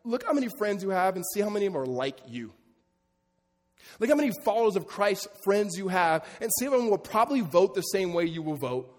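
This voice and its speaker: A man's voice: sits high, big pitch swings, a little fast, a little mellow. A middle-aged man preaching a sermon as pastor, conversational and joking with his congregation. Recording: long reverb of a large hall.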